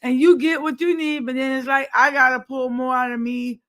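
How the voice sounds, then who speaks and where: A woman's voice: high voice, steady tone, brisk, a bit bright. A woman co-hosting a casual chat, laid-back and matter-of-fact, shrugging things off.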